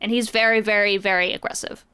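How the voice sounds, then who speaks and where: A woman's voice: medium pitch, little pitch movement, quick pace, bright, forceful tone, smooth. A woman casually recapping a comic book story on a podcast, chatty and playful, slipping quoted lines into her retelling. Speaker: podcast co-host.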